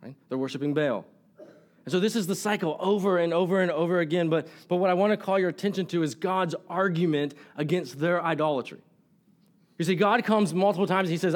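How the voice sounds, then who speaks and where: A man preaching a sermon in earnest, often asking the congregation "right?" and slowing down to stress quoted lines. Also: high voice. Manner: stumbling restarts, slows to stress quotes.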